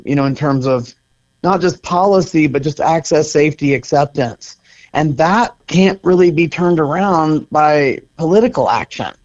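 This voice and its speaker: A man's voice: a little high, darkish tone. Earnest middle-aged man, dull audio. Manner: earnest, reflective, laughs often. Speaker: guest, center co-founder. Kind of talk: conversational interview.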